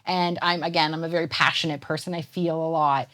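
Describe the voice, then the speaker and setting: Chatty woman with a low voice. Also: steady tone, brisk, a bit bright. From Canada. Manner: chatty, rambling with many fillers. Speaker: poet and guest. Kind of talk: casual interview chat.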